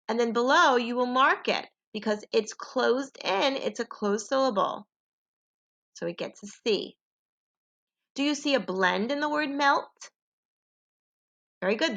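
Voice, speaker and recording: A woman's voice: on the high side, sharp tone. A woman teacher giving a home phonics lesson to young children, in a patient call-and-repeat manner. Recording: dull lo-fi home recording.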